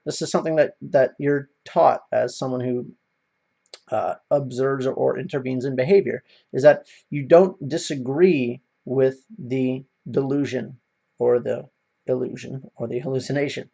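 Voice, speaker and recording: A man's voice: medium pitch, vocal fry, dark tone, highs cut off. A man ranting in a casual monologue, swearing often and rambling with many fillers. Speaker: video commentator.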